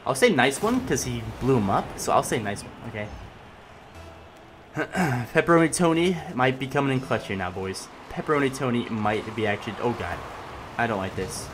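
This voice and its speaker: A young man giving casual gameplay commentary as he plays, excitable and swinging between loud yelling and mumbled asides. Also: mid-range voice, moderate pace, a little hiss or hum. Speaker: gaming commentator.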